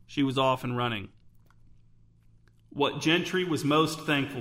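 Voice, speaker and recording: A man narrating a story in a steady, measured audiobook style. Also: mid-range voice.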